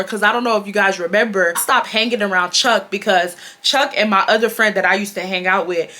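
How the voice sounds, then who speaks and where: A woman, telling a casual storytime in a chatty, filler-heavy, animated way. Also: mid-range voice. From Houston, Texas. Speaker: YouTuber.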